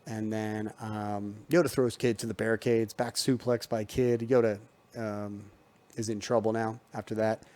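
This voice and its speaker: A man's voice: on the low side, little pitch movement, normal speed, darkish tone. A man giving a casual, loose recap of wrestling matches, full of ums and restarts, recorded at home. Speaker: wrestling show reviewer.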